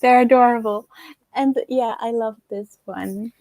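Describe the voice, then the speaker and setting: A woman's voice: fairly high pitch, fairly even intonation, a little slow, mellow, dry recording. A woman hosting a casual online book club discussion, chatty and giggly, often trailing off with fillers. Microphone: video call.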